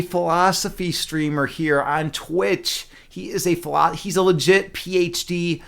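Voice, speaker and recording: A man's voice: sits high, steady tone, measured pace, vocal fry, hardly any pauses, fairly bright tone. A man streaming live, chatting loosely with his viewers, rambling with many fillers and restarts and laughing at his own jokes. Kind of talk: casual chat with live chat.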